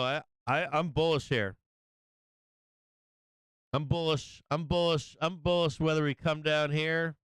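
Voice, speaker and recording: A man giving casual live trading commentary, excitable and profane, often repeating himself. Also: fairly high pitch, clear, resonant tone, dry recording, rough recording. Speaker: livestream market commentator.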